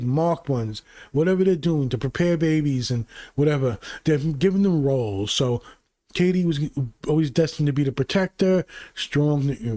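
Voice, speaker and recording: A man hosting his own channel, recapping movies in a casual, rambling, profane way that grows excitable. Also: a little high, dry recording, studio quality. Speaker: channel host.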